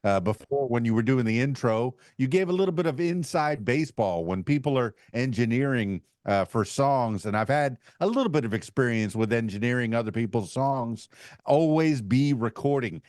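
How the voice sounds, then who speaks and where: A man's voice: mid-range voice, lively intonation, normal speed, darkish tone, no room sound, clean studio sound. A man chatting on a podcast who rambles, with many fillers and false starts. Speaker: podcast panelist. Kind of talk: casual chat.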